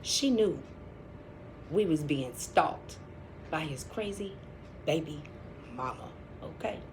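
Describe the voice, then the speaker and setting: A woman's voice: sits low, animated, takes it slowly, noisy background. A woman telling a personal story in a casual vlog, blunt and chatty, full of profanity and dramatic asides.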